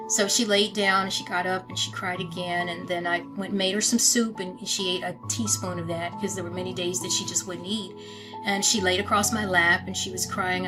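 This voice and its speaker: A woman giving a somber, measured, plain-spoken personal account to her followers. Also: lowish voice, poor audio. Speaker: family member making an announcement.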